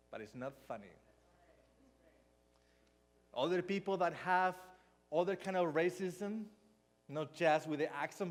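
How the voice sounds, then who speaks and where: A man with a Hispanic accent delivers a sermon in a church hall. His voice is high for a man, and he talks slowly and deliberately, acting out small dialogues as he tells his stories. The sound carries a long church reverb. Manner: storytelling, animated with mock dialogue. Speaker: preacher.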